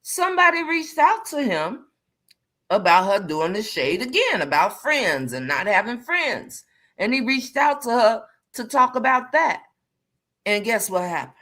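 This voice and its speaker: A woman's voice: a little high, big pitch swings, unhurried, a bit bright. Sassy emphatic woman commentator. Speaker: commentary livestream host. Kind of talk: casual chat, drama commentary.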